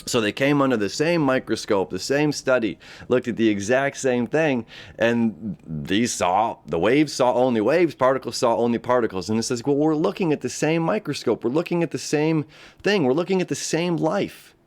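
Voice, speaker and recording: Animated and mid-range, this American man speaks at a moderate pace while hosting a casual horoscope chat. The talk rambles and repeats, he laughs often, and it's captured with a camera setup.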